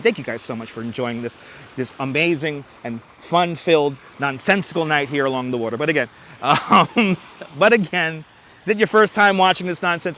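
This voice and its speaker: A man's voice: a little high, sharp tone, a little hiss or hum. A man hosting a casual outdoor livestream by the water at night, chatting loosely and reading the chat aloud. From New York City. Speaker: livestream host. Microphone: wireless clip-on mic.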